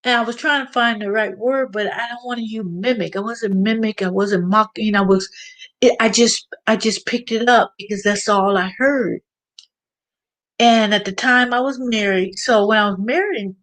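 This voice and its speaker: A woman's voice: fairly high pitch, a bit bright. A middle-aged woman hosting her own channel, chatting casually and rambling with many restarts. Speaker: channel host. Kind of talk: casual livestream chat.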